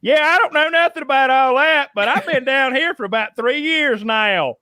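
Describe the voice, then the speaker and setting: A man voicing a laid-back Southern man with a slow, heavy drawl. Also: extremely high pitch, sharp tone, dry recording, studio quality, pitched above the performer's own voice.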